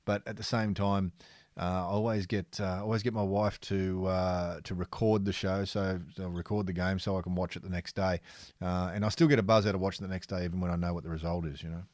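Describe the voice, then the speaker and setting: Laid-back Australian man, lowish voice. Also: little pitch movement, a little fast, a little mellow, no room sound, studio quality. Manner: laid-back, matey, rambling. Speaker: sports photographer and podcast co-host. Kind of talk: casual podcast chat.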